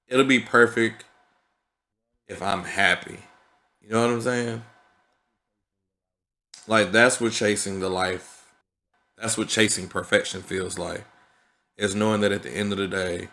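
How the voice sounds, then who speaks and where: A man's voice: fairly low pitch, gravelly, pushed and bright. A man talking through his thoughts in a casual, reflective vlog, earnest and conversational, often checking in with "you know what I mean". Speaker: vlogger.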